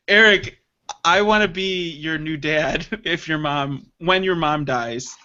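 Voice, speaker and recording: A man's voice: on the high side, slow pace, smooth. A man co-hosting a podcast, casual banter full of laughter and swearing. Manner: loud, laughing, swearing, joking. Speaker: podcast co-host. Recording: dull lo-fi podcast audio.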